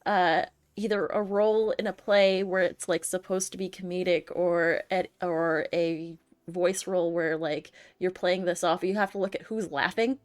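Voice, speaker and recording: Measured woman co-host. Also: lowish voice, steady tone, smooth. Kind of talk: casual chat.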